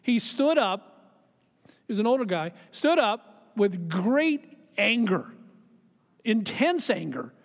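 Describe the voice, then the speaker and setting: Preaching pastor in a reverberant church. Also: male voice, sits high, very animated, takes it slowly, gravelly, long pauses. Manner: storytelling, shifts between quiet asides and emphatic raised lines. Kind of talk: sermon with personal story. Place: church sanctuary. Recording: long hall reverb of a church.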